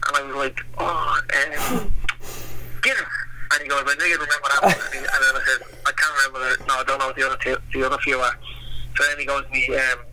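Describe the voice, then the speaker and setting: A middle-aged Irish man, a former boxer, telling stories in a rambling, animated way with lots of fillers. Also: mid-range voice, background noise. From Ireland. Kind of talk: casual storytelling interview.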